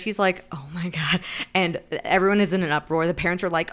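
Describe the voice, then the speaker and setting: A woman's voice: lowish voice, fairly quick, a bit bright, clear, resonant tone. A woman co-hosting a podcast, casually retelling a story and saying "like" a lot while briefly acting out the characters' lines. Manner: chatty, heavy use of "like"; acts out quotes in shifting voices. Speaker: podcast co-host. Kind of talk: casual book recap chat.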